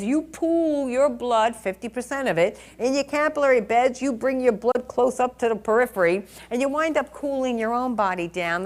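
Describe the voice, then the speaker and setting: Older woman nurse educator, slightly high voice, animated and emphatic as she lectures through ward stories. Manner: animated storyteller, chatty and emphatic. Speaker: critical care nursing instructor. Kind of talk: lecture with anecdotes.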